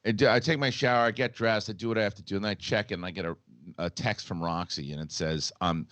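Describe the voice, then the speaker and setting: A man's voice: on the low side, fast, fairly bright tone, dry recording. A man hosting a casual panel chat, telling a rambling story full of restarts. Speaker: host.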